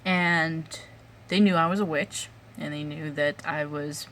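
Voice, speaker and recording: A woman's voice: low voice, fairly even intonation, measured pace, fairly bright tone, slight background noise. A young adult woman vlogging an angry rant, swearing often and breaking off with fillers and sighs.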